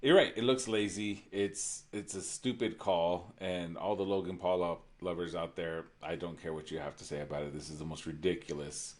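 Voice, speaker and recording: A man's voice: sits low, fairly even intonation, moderate pace, few pauses, darkish tone. A man co-hosting a podcast, giving blunt, irritated opinions in casual chat about wrestling. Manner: blunt, irritated, says "bro". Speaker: podcast co-host.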